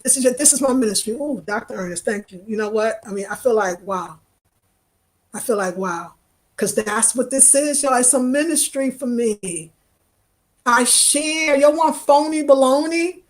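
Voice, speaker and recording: New York woman vlogger, higher voice, expressive, talks straight to viewers. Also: moderate pace. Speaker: travel vlogger. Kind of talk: casual live-stream chat reading comments.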